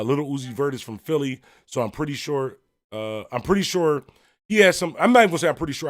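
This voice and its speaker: A man from Buffalo, New York, hosts a music talk livestream in a medium-pitched voice, recorded dry with studio quality. He rambles loosely, reads and reacts to viewer comments, and fills his chat with fillers and shout-outs.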